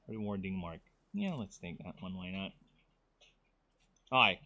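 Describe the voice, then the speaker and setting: A man's voice: low-pitched, very animated, measured pace, bright, forceful tone. A man from the Philippines, streaming a game, teasing his viewers and muttering through his choices. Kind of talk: casual game stream chat.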